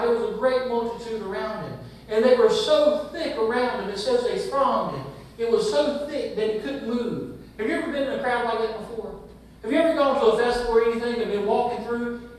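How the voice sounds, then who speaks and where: A man's voice: very high voice, a little mellow, slight background noise. A male pastor preaching a sermon, asking his congregation many rhetorical questions. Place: church sanctuary. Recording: echoey church from far off.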